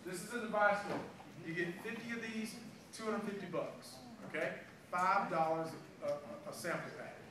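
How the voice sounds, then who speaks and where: Sales trainer, man, high voice, lively storyteller, recorded at a distance in a very echoey room. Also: normal speed, hardly any pauses. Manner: animated storytelling, acting out dialogue. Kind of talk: motivational sales training talk. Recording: echoey room, far from mic, background noise.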